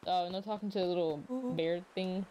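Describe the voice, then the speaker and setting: A woman's voice: lowish voice, fairly even intonation, brisk, muffled recording, slight background noise. A woman streamer commenting on a game playthrough with wry, sarcastic asides. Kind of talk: let's-play commentary. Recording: loud game music behind. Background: game music.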